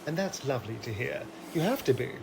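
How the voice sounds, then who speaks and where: A man's voice: mid-range voice, sing-song, fast talker, vocal fry, a crowd in the background. A man voicing a sardonic, theatrical male vampire elf who drawls and condescendingly calls everyone darling. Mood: mocking.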